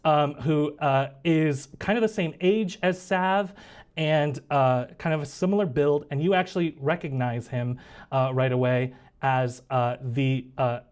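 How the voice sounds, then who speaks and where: A male game master narrating a tabletop game in a rambling way, full of fillers. His voice sits a bit higher than most men's. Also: fairly even intonation, a little slow, a little mellow.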